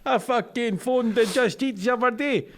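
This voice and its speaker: A man's voice: extremely high pitch, moderate pace, a bit bright, voice pushed up. A man putting on a Glaswegian accent as a crude, swearing man ranting in mock outrage about takeaway food.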